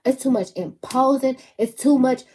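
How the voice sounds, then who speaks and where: High-voiced, animated chatty woman. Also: normal speed. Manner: animated, chatty, laughs often, emphatic. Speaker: channel host. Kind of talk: casual talk to camera.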